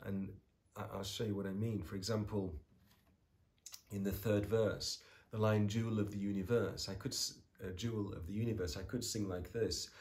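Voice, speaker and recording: A man teaching a song in a guitar tutorial, talking in a reflective, searching way with many pauses and restarts. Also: fairly low pitch, steady tone, a little mellow. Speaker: music teacher.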